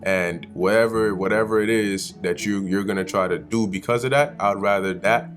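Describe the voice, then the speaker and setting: A man's voice: fairly low pitch, normal speed, soft background music. A man giving a casual, slangy Bible study commentary, often acting out the characters. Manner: animated, slangy, acts out characters. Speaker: Bible teacher.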